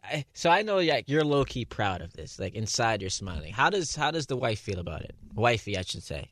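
A man's voice: mid-range voice, very animated, brisk, fairly bright tone, no echo. Male radio co-host, teasing banter, dry studio mic. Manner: teasing, laughs often.

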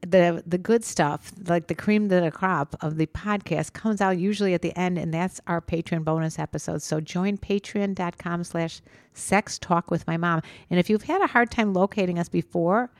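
A woman's voice: on the low side, normal speed, no echo. A middle-aged woman co-hosting a casual podcast, chatty and teasing, with an easy laugh. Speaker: podcast co-host.

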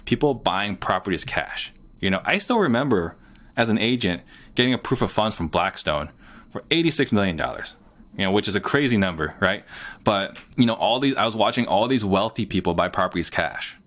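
A man's voice: on the low side, lively intonation, a little fast, fairly bright tone. A middle-aged man, a guest on an interview show, talking earnestly and plainly with lots of "you know". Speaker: guest, real estate entrepreneur. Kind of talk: casual interview talk.

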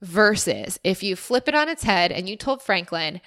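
A woman's voice: mid-range voice, sing-song, normal speed, a bit bright. A woman hosting a solo podcast, answering listener questions in an earnest, encouraging and reflective way. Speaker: podcast host. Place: former resident of Austin.

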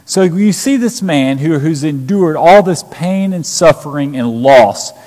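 Male preacher, slightly raised pitch, emphatic scripture retelling, long hall reverb. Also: lively intonation, a little slow, dark tone. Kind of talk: sermon.

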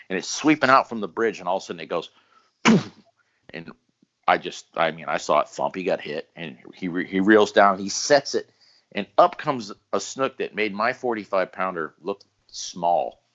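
A man telling fishing stories in a casual podcast chat, animated and often laughing. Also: low-pitched, normal speed, dull audio. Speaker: guest storyteller.

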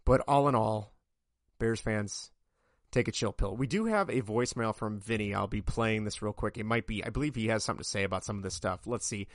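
A man's voice: a little fast, no room sound, clean studio sound. Exasperated man ranting on a podcast. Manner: exasperated, ranting, voice climbing high when worked up. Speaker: podcast host. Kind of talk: solo sports podcast rant.

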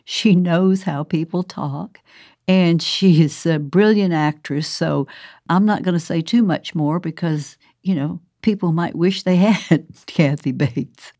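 Older woman, author, chatty with laughs, slow pace, dry recording. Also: on the low side, dark tone, no room sound. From American South. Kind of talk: casual recorded monologue.

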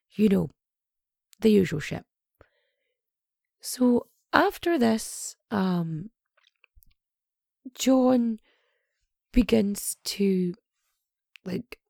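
A woman's voice: mid-range voice, gravelly, mellow, no room sound, studio quality. A young woman casually retelling a true crime story, sweary and sarcastic, with lots of asides.

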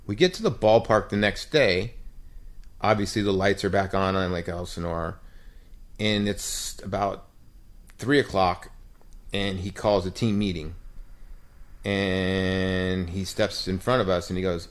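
A middle-aged man tells a story in casual conversation. His voice sits a bit low, but he keeps it moving as he slips into the voices of the people in his tale. The delivery is loose and chatty, like a locker-room anecdote on a podcast. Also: unhurried, pauses often. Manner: animated anecdote teller who acts out quoted voices. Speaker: podcast co-host, former baseball player.

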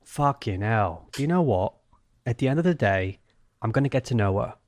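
A man putting on a gruff, slangy British lad obsessed with cars. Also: medium pitch, lively intonation, normal speed, no room sound, studio quality, natural voice. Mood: blokey. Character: blokey British car-loving lad.

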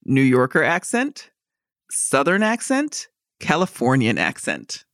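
A woman's voice: extremely low pitch, wildly swooping pitch, takes it slowly, dry recording, studio quality. A woman with a slight New York accent, co-hosting a podcast in a casual chat. She talks freely, laughs often and uses plenty of fillers. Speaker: podcast co-host.

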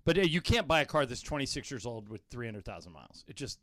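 A man's voice: very animated, fast, a bit bright, dry recording, studio quality. Chatty man spinning a restaurant story. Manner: storyteller, quotes others in low voice. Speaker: radio show host. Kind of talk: casual studio banter.

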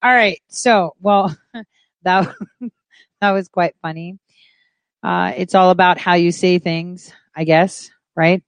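A woman's voice: fairly low pitch, fairly even intonation, slow, long pauses, dry recording. A woman vlogger giving hesitant, casual commentary full of fillers.

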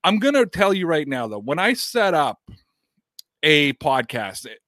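A man's voice: a little high, measured pace, dry recording, clean studio sound. A man hosting a sports podcast, chatting casually about football news, reading statements aloud and asking rhetorical questions. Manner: animated, reads quotes aloud, rhetorical questions.

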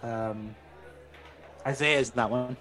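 A man co-hosting a casual podcast chat, eagerly answering trivia and recapping scenes with quick affirmations. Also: mid-range voice, steady tone, a bit bright. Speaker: podcast co-host.

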